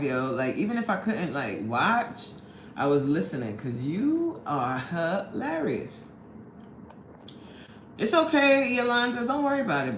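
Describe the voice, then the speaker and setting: Chatty woman streamer, very animated pitch, roomy room sound with a faint hiss. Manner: lively, chatty, greets viewers excitedly, laughs often. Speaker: live-stream host chatting with viewers. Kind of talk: casual live-stream chat. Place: indoor room at her workplace. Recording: roomy echo, faint background noise.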